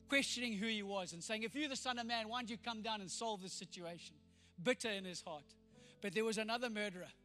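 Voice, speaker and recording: A man's voice: sits high, sharp tone. A man preaching a sermon with emphatic storytelling, acting out the people in his story. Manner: emphatic storytelling, voicing quoted figures. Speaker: pastor. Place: church hall. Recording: reverberant hall with faint music.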